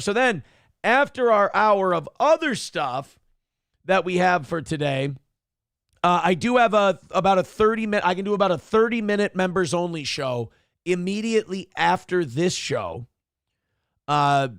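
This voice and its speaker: A man's voice: sits high, creaky, clear, resonant tone, no echo, clean studio sound. A man hosting a morning show, chatting casually, rambling and swearing as he thinks aloud. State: a little out of breath. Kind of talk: casual live-stream chat.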